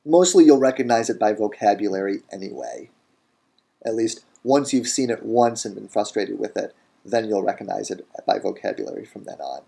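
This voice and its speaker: A man teaching a grammar lesson in a recorded lecture, deliberate, saying each word form slowly and repeating it. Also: lowish voice, gravelly, mellow, slightly rough. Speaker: language teacher.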